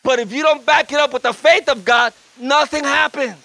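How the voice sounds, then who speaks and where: A man's voice: extremely high pitch, normal speed, gravelly, no room sound. A man preaching as a guest pastor at a church service, fervent, with story-telling asides and calls for amens. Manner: tells stories with lively asides. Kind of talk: sermon.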